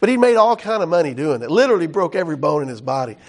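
Talking at a rapid-fire clip, a pastor with a high voice preaches in a relaxed, chatty style. He stays lively and homespun, dropping exclamations and asides between his points.

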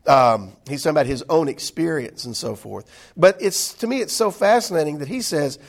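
A man's voice: on the high side, sing-song, normal speed, creaky. A man teaching a Bible study class in an indoor room, talking conversationally with many fillers and restarts.

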